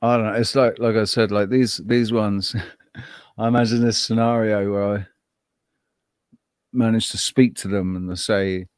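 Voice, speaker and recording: A man's voice: on the low side, flat delivery, measured pace, pauses often, clean tone, dry recording, studio quality. A man co-hosting a casual chat, telling rambling, profane stories with many restarts. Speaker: co-host.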